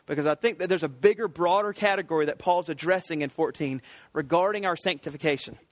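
High-voiced man preaching a sermon. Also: fast, no room sound. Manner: earnest, emphatic preaching with rising excitement. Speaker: pastor.

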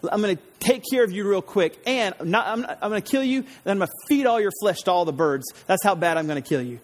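A man's voice: high voice, lively intonation, fast. A man voicing a boastful giant male warrior who mocks his opponent, with scornful trash talk. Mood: taunting.

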